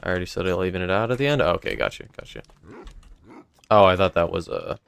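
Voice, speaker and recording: Very deep-voiced young man streaming. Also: sing-song, quick pace, creaky, fairly bright tone, smooth. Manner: rambling, talks to chat between game tasks. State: sore throat. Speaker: live streamer. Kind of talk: casual live-stream chat while gaming. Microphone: desk mic with noise gate.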